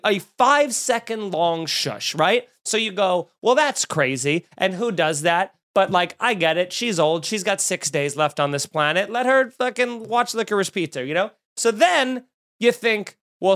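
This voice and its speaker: A man tells a story on a podcast in a casual, animated way. His voice sits high for a man, and it shoots up further whenever he gets excited. He swears freely as he rambles. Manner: animated, swearing, rising pitch when excited. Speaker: podcast host.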